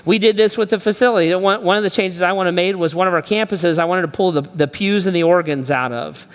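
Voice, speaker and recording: A man's voice: high-pitched, fairly quick. A man preaching a sermon as pastor, conversational and emphatic, repeating his phrases for weight. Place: church auditorium. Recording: echoey church hall.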